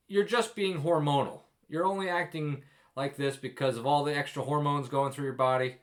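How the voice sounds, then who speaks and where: A man's voice: mid-range voice, a bit bright. A young man vlogging casual advice to expecting fathers, emphatic and jokey with self-deprecating stories.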